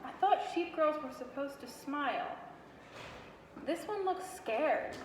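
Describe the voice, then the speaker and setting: A woman's voice: sits high, expressive, slow pace, background noise, voice pushed up. Woman doing a sly sneak thief man. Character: grown male art thief, sneaky. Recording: echoey classroom with long reverb.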